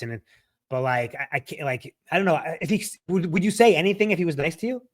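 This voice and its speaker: A man co-hosting a podcast with a somewhat higher voice, talking casually. He laughs easily and often stammers and starts over as he works out his thoughts. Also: animated, normal speed. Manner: laughs easily, stammers and restarts while thinking aloud. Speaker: podcast co-host.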